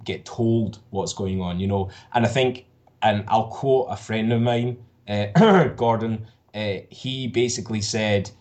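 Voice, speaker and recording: A man co-hosting a podcast who talks about films in an animated, excitable way and swears freely. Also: lowish voice, unhurried. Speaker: podcast co-host. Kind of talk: casual podcast chat.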